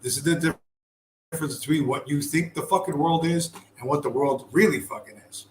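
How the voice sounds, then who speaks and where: Heavy profanity and sarcasm run through a man's blunt commentary on a video he's screen-sharing. His voice is on the high side and a little fast, with slight background noise and faint ambience in an echoey room.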